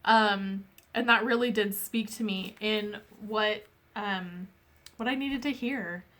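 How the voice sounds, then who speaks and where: A woman's voice: mid-range voice, slow, fairly bright tone. A young woman reviewing an oracle card deck, reading from its booklet and chatting earnestly with many fillers, coughing as she gets over being sick. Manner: chatty and earnest, many "um"s, says sorry often. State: recovering from illness, coughing. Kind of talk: casual deck review with read-aloud passages.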